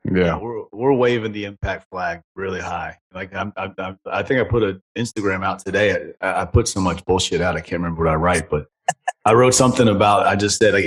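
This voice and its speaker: A man's voice: low-pitched, fairly quick, breathy edge. Profane, heated man wrestler guest. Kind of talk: casual chat.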